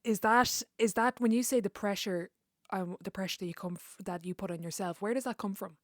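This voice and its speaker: A woman's voice: mid-range voice, a little fast, no room sound, clean studio sound. A woman hosting a podcast interview, asking questions in a friendly, chatty way. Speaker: podcast host.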